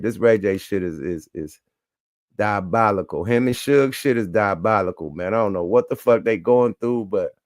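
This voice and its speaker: A man's voice: on the low side, darkish tone, no room sound, studio quality. A man hosting a live stream, reacting to clips in loose, profane casual talk. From US West Coast. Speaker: host.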